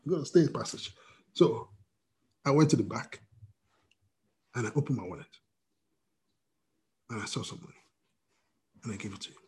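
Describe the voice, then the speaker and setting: Husky storytelling male pastor. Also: medium pitch. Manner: storytelling with quoted dialogue, wide swings in loudness. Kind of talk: sermon. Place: church service via video call.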